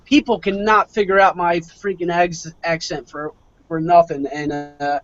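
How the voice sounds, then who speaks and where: High-voiced South Philly man, crude. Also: little pitch movement, unhurried. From Philadelphia, USA. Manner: crude and laughing often. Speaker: podcast host. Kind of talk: casual podcast chat. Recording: muffled lo-fi with faint hiss.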